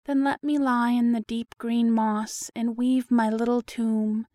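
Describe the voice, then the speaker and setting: Storybook worm, small and meek, begs softly and slowly, read by a woman in a higher, flat voice. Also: dry recording, studio quality, natural voice. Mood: pleading. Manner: meek, pleading, slow. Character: lonely, humble little male worm pleading for shelter.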